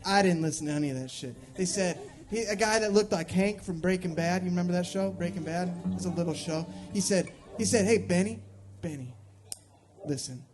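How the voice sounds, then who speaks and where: A man's voice: high-pitched, fairly quick. A man, a singer-songwriter, telling a long, rambling, profane and self-mocking story to a live audience before his song. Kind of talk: live storytelling between songs. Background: guitar playing.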